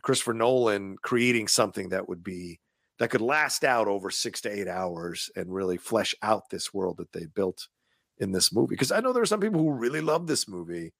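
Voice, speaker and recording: A man co-hosting a casual movie chat, animated and profane, laughing often. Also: lowish voice, moderate pace, vocal fry, no room sound, clean studio sound.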